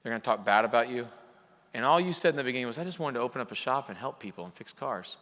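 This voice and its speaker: A man's voice: mid-range voice, animated, racing, a bit bright. A man coaching repair shop owners in a motivational speech to a live audience, impassioned, pushing into emphatic peaks. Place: conference hall. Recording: hall reverb from a live venue.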